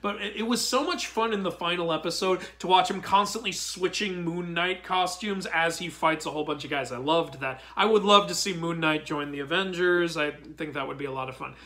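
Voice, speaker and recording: Man, high voice, bright tone, excitable, casual review, exasperated outbursts. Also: brisk, few pauses. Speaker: mythology video commentator.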